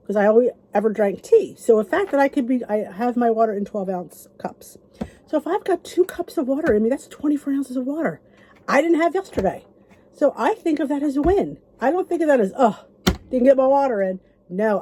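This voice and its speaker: A woman's voice: fairly high pitch, mellow. A middle-aged woman vlogger, talking to the camera in a chatty, rambling and encouraging way. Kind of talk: casual chat to camera.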